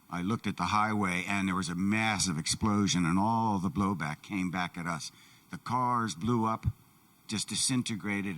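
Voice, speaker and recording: A man giving a first-person testimony in a plain, measured way, in a church. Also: deep voice, a bit bright, distant mic.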